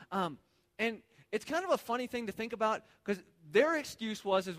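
A man's voice: high-pitched, lively intonation, brisk, fairly bright tone. A man preaching a casual, conversational sermon in a church, talking informally and often repeating words as he thinks aloud. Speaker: pastor. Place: church sanctuary. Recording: long reverb of a large hall.

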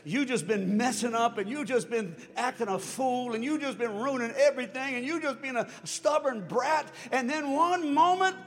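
High-voiced preacher in a reverberant hall. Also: male voice, normal speed, few pauses. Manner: swings from hushed to shouting; storytelling with chuckles. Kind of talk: sermon. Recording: long hall reverb, faint music.

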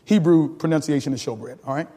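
High-voiced preacher in an echoing sanctuary. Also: male voice, fast talker, husky. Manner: animated, call-and-response preaching with laughter and sudden emphatic rises. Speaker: pastor. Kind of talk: teaching sermon.

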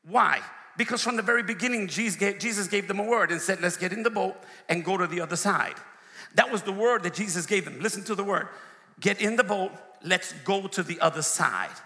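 Gravelly high-pitched preacher man in a reverberant hall. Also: a little fast. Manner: preaching with big swings from hushed asides to shouted peaks. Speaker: pastor. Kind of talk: sermon. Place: church sanctuary. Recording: long reverb of a large hall.

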